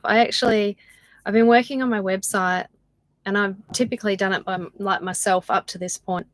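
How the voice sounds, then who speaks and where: A tired woman with an Australian accent, chatting casually with viewers on a livestream, laughing often and trailing off into soft asides. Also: mid-range voice, fairly even intonation, fairly quick, no room sound, low-quality recording. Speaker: channel host doing a livestream. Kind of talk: casual live chat with viewers.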